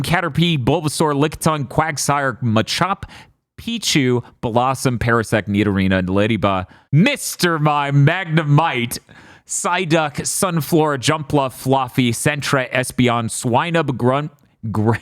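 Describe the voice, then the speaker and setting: A man's voice: a little high, unhurried, a bit bright, no room sound, clean studio sound. A man co-hosting a casual podcast review, rambling and laughing often. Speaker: podcast co-host.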